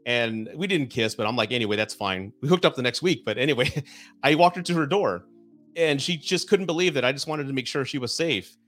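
A loose, chatty man with a Southern Texan drawl talks at a middling pitch on his live stream and drops the odd swear word. Faint music plays behind him. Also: lively intonation, fairly quick, a bit bright. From South Texas, USA. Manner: chatty, loose, swears, reads comments aloud. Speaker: divorce podcast host. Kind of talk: live-streamed casual monologue.

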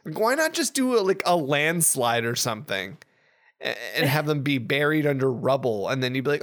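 A man's voice: mid-range voice, sing-song, moderate pace, fairly bright tone. A man co-hosting a podcast in casual chat, ranting sarcastically with lots of swearing and acting out characters' lines. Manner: acts out character voices. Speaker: podcast co-host.

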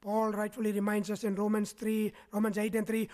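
A man's voice: high-pitched, level tone, fairly quick, few pauses, a little mellow. Guy preaching a sermon at church, keeps asking the room "right?". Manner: asks the congregation frequent "right?" tags.

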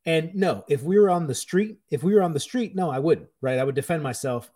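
A man, a chef talking casually in a blunt, profane, animated way. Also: a little high, fairly quick. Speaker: chef, podcast guest. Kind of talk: casual chat.

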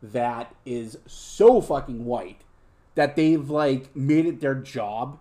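A man's voice: mid-range voice, lively intonation, slow pace, mellow. Young podcast guy rambling crude stories, swears a ton, voice jumps around a lot. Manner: crude, profane storytelling with lots of fillers. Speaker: podcast host. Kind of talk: casual podcast chat.

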